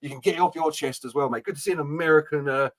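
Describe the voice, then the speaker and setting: A man's voice: fairly high pitch, racing, fairly bright tone. Chatty Welsh man hosting a livestream. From Wales. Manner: chatty, laughs often, banters. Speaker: host. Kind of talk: casual livestream chat.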